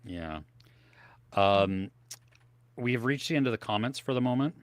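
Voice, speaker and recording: A man's voice: mid-range voice, expressive, normal speed, dry recording. A man co-hosting a live movie podcast from his home office, chatting loosely and eating snacks on air. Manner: rambling, tries snacks on air. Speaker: podcast co-host. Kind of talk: casual live-stream chat. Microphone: home office setup.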